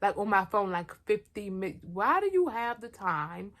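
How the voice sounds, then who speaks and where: A woman's voice: medium pitch, very animated, measured pace, a bit bright. A young woman telling a personal story in a storytime vlog, candid and slangy, talking straight to her viewers and poking fun at herself. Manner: blunt and self-mocking. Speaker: vlogger.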